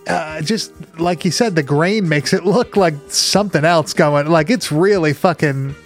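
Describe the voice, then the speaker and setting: A man co-hosting a podcast, chatting casually about a movie in an excitable, rambling, profane way. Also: a little high, a little slow, soft background music. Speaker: podcast co-host.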